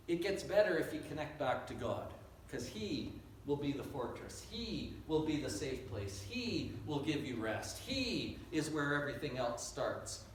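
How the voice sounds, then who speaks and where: A man preaching a sermon in an earnest, emphatic way, dropping low and quiet on key phrases. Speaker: pastor. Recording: echoey and distant, faint noise.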